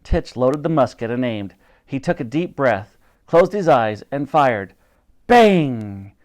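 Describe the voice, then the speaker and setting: A man reads a children's adventure book aloud in an animated storyteller manner. His pitch swings widely as he moves between narration and character voices. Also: measured pace.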